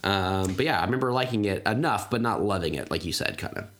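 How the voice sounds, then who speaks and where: A man with a lowish voice that still swings up and down a lot as he talks. He chats eagerly with a friend about horror films and laughs easily. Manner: animated, enthusiastic, quick to laugh. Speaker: podcast co-host. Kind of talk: casual chat about horror movies.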